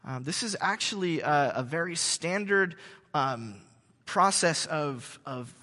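A man preaching a sermon to his congregation, telling stories in an animated, joking way with many restarts. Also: a little high, slow, big-room sound. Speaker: pastor. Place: church sanctuary.

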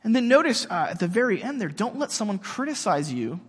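A man preaching a sermon in a relaxed, chatty way, full of slang and fillers. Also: sits high, brisk, husky, long reverb tail. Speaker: pastor.

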